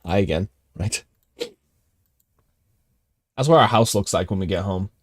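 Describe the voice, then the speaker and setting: Narrating a text game live in a deep, unhurried voice, this male streamer alternates calm reading with excited bursts of reaction.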